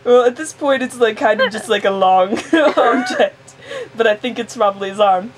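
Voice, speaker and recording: A woman's voice: fairly high pitch, normal speed. A young woman casually making up the story of a comic, giggling and rambling. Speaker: commentator improvising a comic's story. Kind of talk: casual playful commentary. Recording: noisy home recording.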